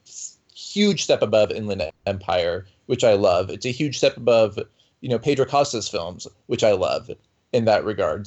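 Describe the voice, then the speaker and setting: A man's voice: mid-range voice, darkish tone, dull audio. A man in a casual critical discussion, talking earnestly and emphatically with many filler words. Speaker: podcast panelist.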